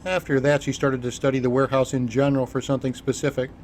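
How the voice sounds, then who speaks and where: Man reading an audiobook in a measured voice. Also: medium pitch, flat delivery, darkish tone, a little hiss or hum. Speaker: audiobook narrator. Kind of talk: scripted narration.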